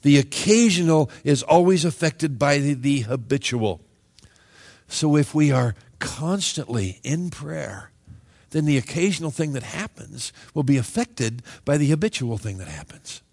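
A middle-aged man preaching a sermon, animated and joking, now and then acting out the voices of Bible figures. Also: on the high side, measured pace, creaky. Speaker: pastor.

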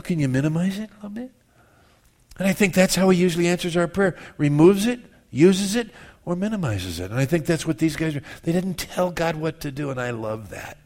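A man in a pastor's role, his voice sitting a little high for a man. He preaches in a loose, conversational style, slipping into people's prayers and adding humorous asides. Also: darkish tone. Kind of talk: sermon.

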